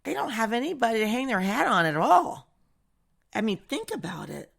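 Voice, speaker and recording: A woman's voice: a little high, big pitch swings, moderate pace, vocal fry, fairly bright tone. A woman from the United States hosting a casual political opinion monologue, chatty and sarcastic, laughing often. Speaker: political commentary host.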